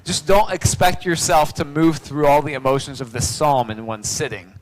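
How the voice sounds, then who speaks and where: Male pastor, sermon, fairly high voice, loud cries and hushed whispers. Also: steady tone, normal speed, poor audio.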